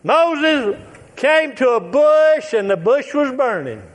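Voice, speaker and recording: A man preaching a sermon, emphatic and repetitive, drawing out his phrases and now and then shouting or chuckling. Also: very high voice, very animated, takes it slowly.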